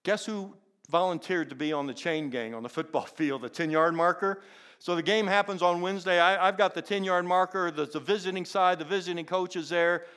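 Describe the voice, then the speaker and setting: A man in his fifties, a teacher telling a personal testimony, who swings from loud excitement to soft, hushed tones. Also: a little fast, clear, resonant tone. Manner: animated, jumps into high excited voices for characters, then drops soft and hushed. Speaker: teacher and inspirational speaker. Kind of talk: storytelling testimony.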